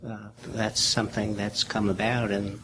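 A man's voice: fairly low pitch, level tone, moderate pace, background noise. A man in the audience sharing his thoughts in a group discussion, hesitant and searching for words. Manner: hesitant, full of fillers and restarts. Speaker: audience member.

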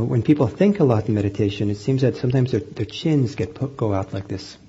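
A man teaching meditation, guiding a group in a gentle, unhurried way with frequent pauses and fillers. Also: on the low side, slightly rough, highs cut off. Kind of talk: guided meditation instruction.

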